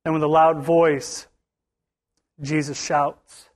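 A man's voice: a little high, fairly even intonation, a little slow. A male pastor preaching a sermon to his church, building to emphatic bursts with much repetition.

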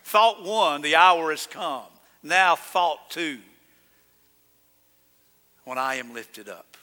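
A high-voiced man preaches with a bright, ringing edge to his tone. He talks emphatically and builds to loud, declaring peaks. His voice carries a long reverb from a church sanctuary. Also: lively intonation, slow. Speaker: pastor. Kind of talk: sermon.

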